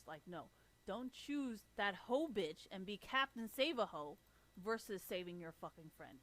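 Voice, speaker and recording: A woman's voice: mid-range voice, expressive, moderate pace, fairly bright tone. Young woman streamer, mid-range voice, blunt casual swearing rant. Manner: blunt, heavy swearing, laughs often.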